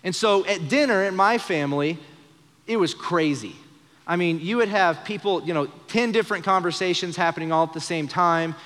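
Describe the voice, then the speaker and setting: Preaching earnestly at a live evening service, a young pastor with a slightly high, fairly bright voice speaks at a normal speed and acts out quoted lines in shifting voices. The church hall's long reverb trails after each phrase of the sermon.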